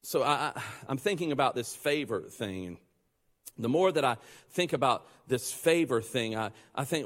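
A male pastor preaching a sermon, joking and conversational, then building to loud, fervent passages. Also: medium pitch, expressive, moderate pace, in a large hall.

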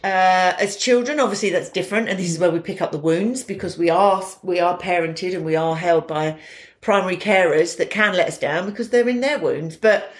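A woman's voice: on the low side, fairly quick. A woman co-hosting a podcast who talks bluntly, swears freely and laughs often. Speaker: podcast co-host. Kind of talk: casual astrology chat. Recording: echoey room.

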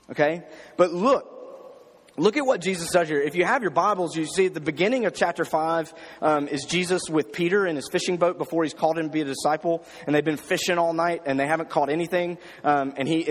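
Man preaching in an echoing hall. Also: a little high. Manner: emphatic, repeats phrases, asks rhetorical questions. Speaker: pastor. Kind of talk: sermon.

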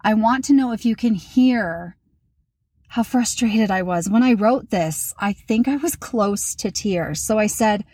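Candid chatty mom podcaster, dry sound. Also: female voice, mid-range voice, unhurried, dark tone, no echo. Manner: candid, chatty, self-mocking. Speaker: podcast host. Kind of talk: casual solo podcast talk.

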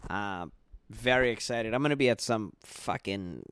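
A man's voice: on the low side, moderate pace, fairly bright tone, clear, resonant tone, no room sound. A young man, tipsy and tired, rambling and swearing through a late-night sports rant in his bedroom. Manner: profane, rambling, yawning. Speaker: podcast host.

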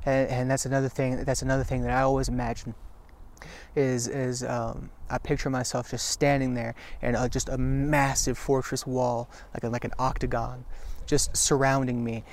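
A man's voice: medium pitch, level tone. A man giving an earnest devotional talk to camera. He repeats phrases for emphasis and often restarts his sentences. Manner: halting with frequent restarts. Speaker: Christian video teacher.

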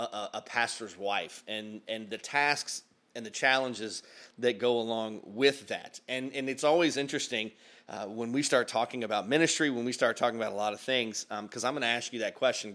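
A man's voice: medium pitch, a bit bright. A man hosting a casual podcast from his home office, upbeat and rambling, often breaking into laughter. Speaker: podcast host and pastor. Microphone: studio mic with headphones.

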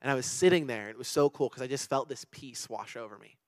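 A young man, a pastor, giving a casual sermon full of personal stories, animated and rambling with many restarts. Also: mid-range voice, fast, dry recording.

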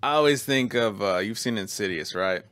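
A man's voice: fairly low pitch, animated, normal speed, fairly bright tone. A man hosting a podcast, chatting in a loose, profane, laid-back way. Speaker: podcast host. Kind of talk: casual chat.

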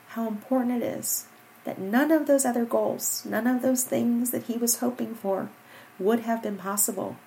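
A woman's voice: medium pitch, gravelly, darkish tone, a little hiss or hum, low-quality recording. A woman hosting a personal podcast, speaking earnestly into a microphone, tearful and fighting back crying. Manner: heartfelt, earnest, repeats herself. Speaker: podcast host. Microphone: studio microphone.

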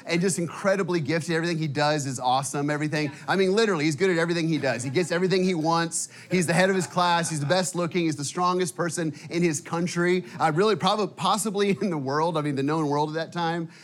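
A man preaching a sermon in a church, energetic and casual, with many fillers and restarts, sometimes emotional. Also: on the high side, fast, few pauses. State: emotional at times. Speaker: guest preacher. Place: church auditorium.

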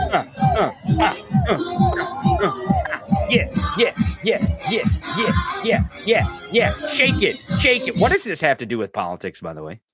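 A man rants as a podcast host, mocking and cursing as he needles a viewer from the chat. His voice sits a bit high and bright and swings widely in pitch. The sound is dry and close. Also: no echo. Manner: mocking, profane, addresses a chatter directly. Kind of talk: ranting political commentary.

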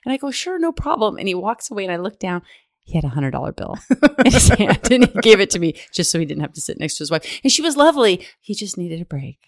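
A woman's voice: on the low side, sing-song, quick pace, no room sound, clean studio sound. A woman, a flight attendant, telling stories animatedly on a podcast with laughter. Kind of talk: casual podcast storytelling.

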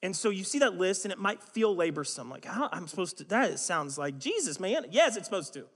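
A pastor preaches a sermon in a church sanctuary, and the long hall reverb carries his high, sing-song voice. He talks briskly and a bit brightly, telling stories conversationally and poking fun at himself along the way.

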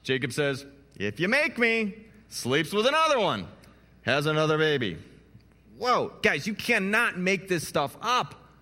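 A pastor delivers a sermon with lively, swooping pitch and a bright, forceful voice. He tells the story in an animated way, tossing in playful asides to his listeners. His voice rings out with a long reverb in a large hall. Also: measured pace.

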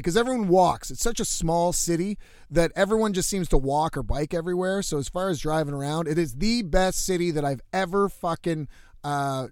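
A man's voice: a little high, no room sound, clean studio sound. A man, a musician living in a van, telling a story in a rambling, heavily cursing, casual way. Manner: profane, rambling, animated storytelling. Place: inside a van.

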